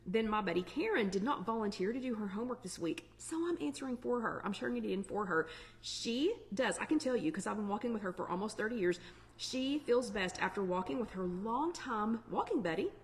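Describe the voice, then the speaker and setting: A woman's voice: mid-range voice, expressive, brisk. A middle-aged woman, hosting a casual live online chat in a chatty, upbeat way with plenty of fillers. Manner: chatty, upbeat, warm Southern-flavored asides with lots of fillers. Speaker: online weight-loss chat host.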